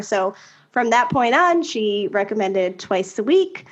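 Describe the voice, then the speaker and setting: A woman's voice: mid-range voice, very animated, unhurried, muffled recording. A woman podcast co-host and mother chatting casually, telling a story full of laughs and "like". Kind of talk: casual chat.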